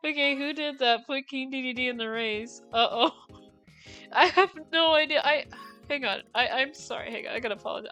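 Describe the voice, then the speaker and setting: A young woman with a high, bright voice talks casually while she plays a racing game on stream. She rambles with many fillers and laughs often as she apologizes. Game music plays faintly behind her. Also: normal speed, poor audio. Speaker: gaming streamer. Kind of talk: casual live-stream chat while playing.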